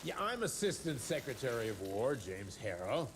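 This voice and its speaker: An actor playing a jovial older male government official who gives a halting, blustery speech. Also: medium pitch, sing-song, noisy background, lightly acted. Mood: pompous.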